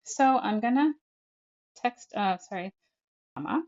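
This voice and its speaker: A woman speech-language pathologist casually walks through an app tutorial step by step, narrating each tap and filling her chatty talk with fillers. Her medium-pitched voice is animated, a little slow and darkish, and the recording is muffled.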